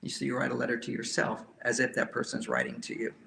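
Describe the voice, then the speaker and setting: A man's voice: mid-range voice, little pitch movement, quick pace, vocal fry, pushed and bright. A man speaking as a relationship counselor, giving an emphatic talk to a live audience and often repeating key phrases.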